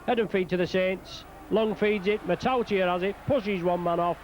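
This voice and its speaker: A man giving live play-by-play commentary on a rugby league match outdoors, calling out player names in quick bursts and lifting his voice at scoring moments. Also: high voice, slight background noise.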